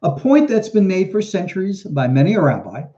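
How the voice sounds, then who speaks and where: A man's voice: high voice, sing-song, fairly quick, warm tone. A rabbi talks through viewer questions on a live stream, a man with a chatty, storytelling manner. His voice swings freely up and down as he talks. The sound is dull and lo-fi, like a webcam mic. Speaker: rabbi and teacher hosting a live Q&A. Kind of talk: casual live question-and-answer talk. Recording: dull lo-fi livestream audio.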